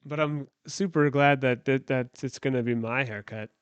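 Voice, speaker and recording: A man of middle pitch talks loosely into a handheld mic, wandering through jokes and half-finished thoughts. The sound is close and dry with no room echo. He speaks like a casual live-stream co-host. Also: fairly even intonation, moderate pace, clear, resonant tone, highs cut off. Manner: rambling, jokey, trailing off mid-sentence. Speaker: stream co-host getting a haircut. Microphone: handheld microphone.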